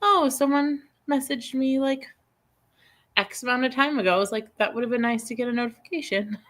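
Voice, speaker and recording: A woman in her thirties hosting a casual chat, rambling through a personal story with lots of fillers and restarts. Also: high voice. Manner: rambling storyteller, animated, quick laughs. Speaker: host.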